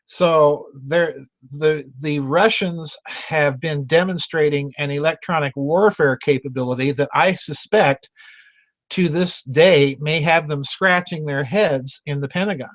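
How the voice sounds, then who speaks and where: A man's voice: a little high, measured pace, dry recording. A man hosting a members' video chat, answering questions in an emphatic, direct way and often restarting words. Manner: emphatic, repeats words when restarting, addresses listener directly. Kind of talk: vidchat commentary. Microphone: video call.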